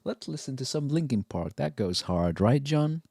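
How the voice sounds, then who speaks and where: A man's voice: mid-range voice, big pitch swings, normal speed, creaky, warm tone, breathy edge, dry recording, studio quality. A young man hosting a casual reaction livestream, laid-back, swearing casually and laughing often. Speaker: livestream host. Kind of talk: casual reaction-stream chat.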